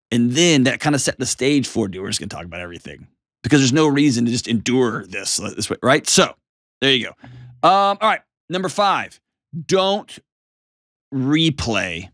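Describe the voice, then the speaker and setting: A man's voice: medium pitch, sing-song, normal speed, fairly bright tone, dry recording, studio quality. A middle-aged man hosting an advice show, talking casually and acting out quoted voices. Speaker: host.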